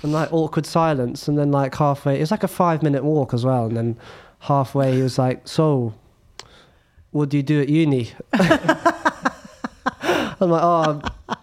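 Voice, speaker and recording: A man's voice: fairly high pitch, normal speed. A young man in his twenties, hosting a podcast and telling an anecdote with acted-out quotes and frequent laughter. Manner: animated anecdote teller, acts out quotes, laughs often. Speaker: podcast host. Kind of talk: casual chat, storytelling.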